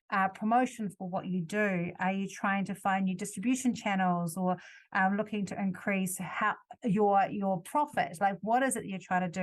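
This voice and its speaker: Woman podcast host, from New Zealand, conversational, self-correcting, mid-range voice. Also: medium pitch. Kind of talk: solo podcast talk.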